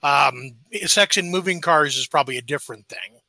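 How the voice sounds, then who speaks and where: A man's voice: a little high, normal speed, pushed and bright, no room sound. A man co-hosting a casual podcast, joking around and telling rambling stories. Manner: jokey, tells rambling anecdotes. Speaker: podcast co-host. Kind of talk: casual chat.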